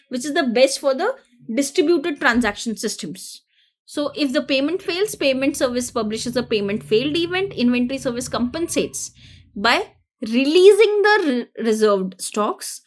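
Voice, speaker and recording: A high-pitched woman walks through software interview scenarios like an instructor. She talks briskly, stressing key words, and sometimes restarts a word mid-sentence. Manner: brisk, explanatory, with restarts and emphasis. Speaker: programming instructor.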